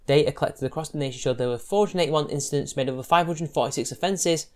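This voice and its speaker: A man reading an article aloud and breaking off into exasperated, sarcastic commentary as a channel host. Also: medium pitch. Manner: exasperated and sarcastic, interrupting himself with incredulous asides.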